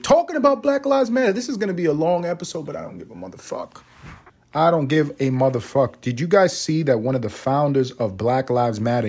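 Profane sarcastic New man ranting. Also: mid-range voice. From Harlem, New York. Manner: profane, sarcastic, animated, reads news aloud and riffs. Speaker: podcast host. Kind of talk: solo podcast rant.

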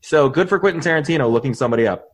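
A man's voice: a little high, expressive, rapid-fire. A man co-hosting a podcast in casual chat, rambling and restarting his sentences, laughing often. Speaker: podcast co-host.

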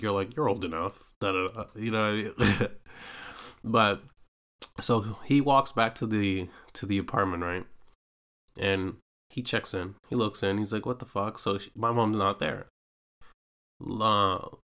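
A man's voice: fairly low pitch, a bit bright. A man with a London accent hosting a podcast, telling a personal story in a rambling, profane way with lots of fillers. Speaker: podcast host. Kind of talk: casual storytelling.

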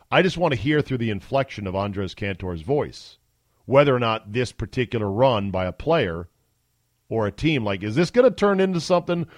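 A man's voice: on the low side, dry recording. A man hosting a podcast in casual talk, chatty and wry, with mock-amazed asides. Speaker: podcast host. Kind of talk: casual sports and news talk.

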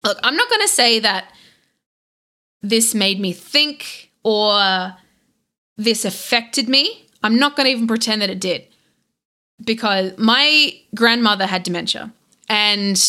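A young woman guest on a podcast, casually retelling a game story in a rambling, animated way with lots of fillers and restarts. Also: medium pitch, unhurried, pauses often. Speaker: podcast guest, content creator.

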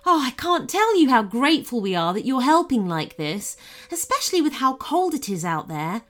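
An upbeat grown woman who runs a rescue shelter, talking warmly and eagerly in a storybook reading. Her voice sits fairly high and bounces lively up and down, put on by a woman narrator. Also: moderate pace. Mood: excited. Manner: warm, chatty and enthusiastic. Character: cheerful adult woman running an animal shelter.

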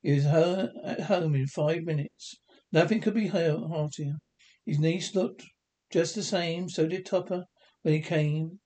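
A man reads a classic novel aloud with a mellow, somewhat high voice. His reading is unpolished, full of slips and restarts. He raises his pitch when he voices the characters. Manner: lifts pitch for the quoted lines of the characters. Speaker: reader.

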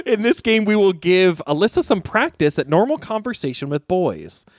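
Upbeat male comedy host, high and very animated. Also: moderate pace, no echo, clean studio sound. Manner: upbeat, sets up games and scenes. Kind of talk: improv comedy podcast hosting.

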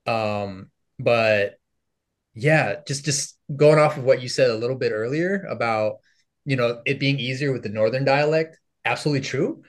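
A young American content creator appears as a podcast guest in a relaxed interview, full of fillers and frequent laughs. His voice is mid-range and his pace moderate.

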